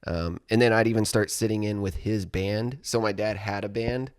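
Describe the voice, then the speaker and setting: A man's voice: fairly low pitch, steady tone, moderate pace, smooth, no echo, studio quality. A young man, a band's musician, chatting casually in a laid-back, rambling way with many fillers. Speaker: musician guest. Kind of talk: casual chat.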